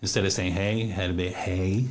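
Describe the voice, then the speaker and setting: A man, an actor and casting director, telling lively anecdotes in a casual interview with frequent laughter. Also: low-pitched, rapid-fire. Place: radio studio or streamed call.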